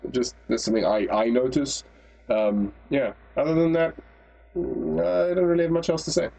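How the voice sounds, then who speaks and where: A man co-hosting an anime review podcast, talking casually in rambling, animated stretches full of restarts. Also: a little high, normal speed, creaky, low-quality recording.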